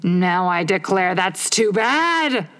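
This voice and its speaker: A pompous, touchy egg-man holds forth from his wall, drawing out his words in a slow, haughty, raised voice, as a woman reader puts him on. He lectures rather than talks, leaning hard on each grand phrase. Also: medium pitch, very animated, fairly bright tone, voice pushed up. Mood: indignant.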